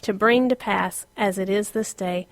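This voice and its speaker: Animated woman teaching a Bible lesson. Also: medium pitch, normal speed, no room sound. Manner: animated, laughs often, drops to a whisper for emphasis.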